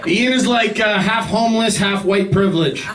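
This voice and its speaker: A young man does stand-up on a club stage, halting and filling gaps with ums between deadpan asides. His voice sits fairly high. He is picked up from a distance over a loud crowd. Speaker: stand-up comedian. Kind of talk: stand-up set.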